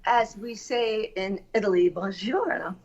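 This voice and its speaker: A middle-aged woman from Massachusetts, a guest on a casual podcast, talking in a chatty, animated way and swearing casually. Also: mid-range voice, normal speed, vocal fry, lo-fi sound, over a noisy crowd. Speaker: guest, actress. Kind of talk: casual chat. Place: Los Angeles.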